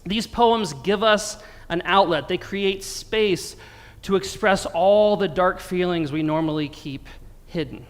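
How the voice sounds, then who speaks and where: An American man preaching from the pulpit, his voice sitting high for a man. He talks to the congregation conversationally and slips in dry jokes. A long church reverb trails each phrase. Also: slow. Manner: conversational, wry humor. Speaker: pastor. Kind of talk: sermon. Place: church sanctuary.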